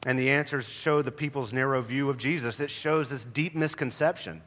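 Male pastor, bright forceful tone, long reverb from a large hall. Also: medium pitch, normal speed. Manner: emphatic, animated preaching with rhetorical questions. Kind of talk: sermon.

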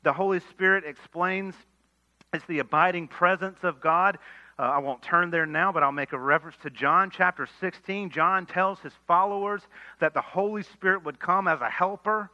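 A man preaching an expository sermon, earnest, rising to emphatic lines and dropping to quiet asides. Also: sits high. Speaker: pastor. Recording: dull lo-fi sermon recording.

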